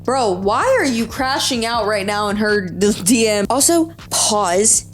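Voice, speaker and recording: A woman's voice: medium pitch, lively intonation, unhurried, soft background music. A young woman hosting a podcast, reading out online stories and reacting with sarcasm, swearing and laughter. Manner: sarcastic, exasperated, swears often, laughs a lot. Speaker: podcast host.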